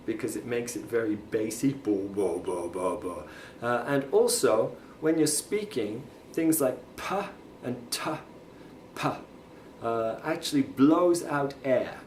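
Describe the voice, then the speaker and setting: A man explaining things plainly and patiently in a video lesson, demonstrating as he talks. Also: medium pitch. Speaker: teacher. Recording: echoey room with faint ambient noise.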